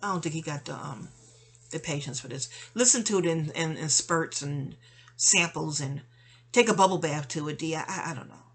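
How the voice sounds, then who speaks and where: Speaking at normal speed in a low, husky voice, this woman rambles through an exasperated rant to a friend. She tells the story with animation, peppering it with slang and asides.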